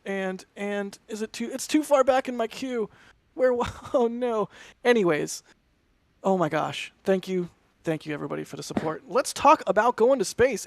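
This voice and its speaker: A high-pitched man co-hosts a launch livestream, offering casual commentary in an effusive, rambling way that keeps interrupting itself. The recording is dry.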